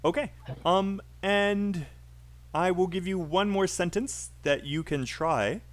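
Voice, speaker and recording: Upbeat male teacher, slightly high voice. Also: takes it slowly. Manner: patient, encouraging, coaching pronunciation. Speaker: English teacher. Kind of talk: live online speaking class.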